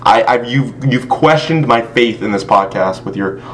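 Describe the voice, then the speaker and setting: A man's voice: mid-range voice, moderate pace, a little hiss or hum. A man hosting a casual podcast, telling stories in a joking way with laughs. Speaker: podcast host. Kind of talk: casual chat.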